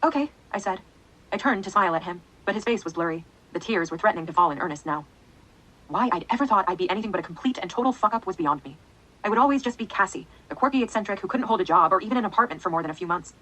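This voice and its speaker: A woman with a husky voice narrating an audiobook in the first person. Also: medium pitch, animated, rapid-fire, a bit bright, poor audio.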